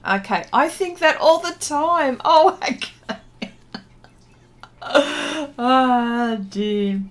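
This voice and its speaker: A woman's voice: high-pitched, animated, drawn-out words. A middle-aged woman hosting a casual art livestream, chatting, reading viewer comments aloud and laughing often. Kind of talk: casual livestream chat while painting.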